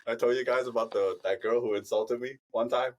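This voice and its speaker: A man's voice: medium pitch, fairly even intonation, a little fast. A man in his thirties, a podcast co-host telling funny stories in casual chat, laughing often.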